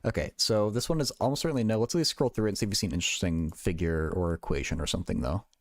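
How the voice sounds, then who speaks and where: A man's voice: low voice, very fast, no room sound, studio quality. A young man hosting a casual livestream, thinking aloud in a rambling way with many stammered restarts. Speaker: livestream host.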